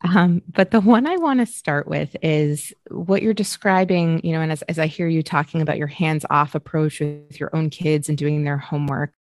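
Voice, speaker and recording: Woman, podcast host, thoughtful measured questions, very low voice, dry sound. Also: no room sound. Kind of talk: interview conversation.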